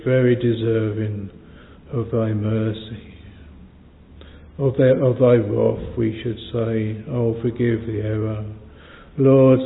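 A man leading a long extemporaneous prayer from the pulpit, solemn and pleading, in old-fashioned thee-and-thou phrasing with long pauses. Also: medium pitch. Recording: phone-like sound with long hall reverb.

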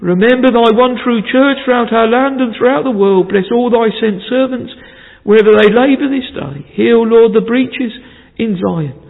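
A man's voice: very high voice, normal speed, vocal fry. A man, a minister, leading a fervent extempore pulpit prayer in old-fashioned "thou" language, pleading in short broken phrases. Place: church. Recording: tinny phone-like sound with long hall reverb.

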